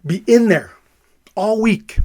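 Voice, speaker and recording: A man with a somewhat high voice tells his own story as a father. He speaks with emphasis and repeats words to drive each point home. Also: expressive, takes it slowly, a little mellow. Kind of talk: personal storytelling.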